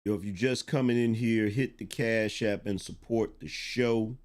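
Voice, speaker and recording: A middle-aged man with a lowish voice hosts a live-stream commentary show. He is blunt and emphatic, reads out viewer chat, and repeats his points for effect, swearing as he goes. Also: fairly even intonation, measured pace.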